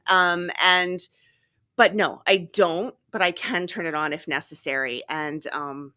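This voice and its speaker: A middle-aged woman from Tennessee hosting a podcast in lively, chatty conversation, laughing often. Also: lowish voice, measured pace, clear, resonant tone. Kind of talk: casual chat.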